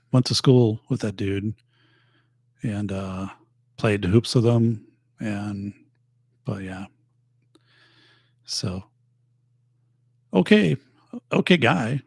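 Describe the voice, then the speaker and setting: A man's voice: fairly low pitch, expressive, extremely slow, gravelly, pauses often, slightly rough, dry recording. A middle-aged man hosting a podcast, chatting in a rambling way with many fillers, losing his voice and tired. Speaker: podcast host. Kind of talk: casual chat reading viewer comments. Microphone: studio microphone.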